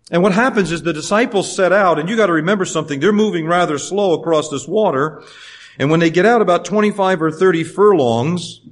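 A man preaching a sermon, animated, swinging from loud passages to hushed ones and acting out the quoted voices. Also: fairly high pitch.

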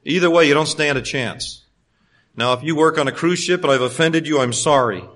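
A man preaching a sermon as a pastor, animated, swinging between loud emphasis and hushed tones, with folksy humorous asides. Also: on the high side, fairly quick.

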